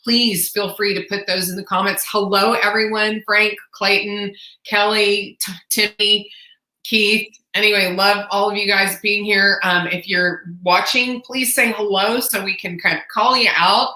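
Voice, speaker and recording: Live-stream host, woman, bright and chatty, echoey room. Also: medium pitch, fairly even intonation, a little slow. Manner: chatty, greets viewers by name. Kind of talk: casual live-stream chat.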